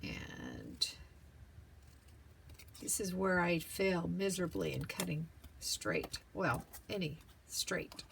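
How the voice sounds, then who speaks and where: A woman talks her way through a paper-craft tutorial at an unhurried crawl, her voice lively and bouncing in a fairly high register. She mutters and half-whispers to herself as she works and sounds a little hoarse. A clear background hiss sits under the recording. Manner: slow, chatty, talks to herself while working, drops to whispers. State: losing her voice, clearing throat.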